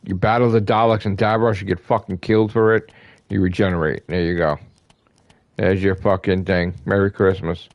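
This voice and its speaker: A man with a deep, slightly mellow voice hosts his gaming channel, launching into an excited, profane fan rant to camera and repeating himself for emphasis. The audio is dull, without echo.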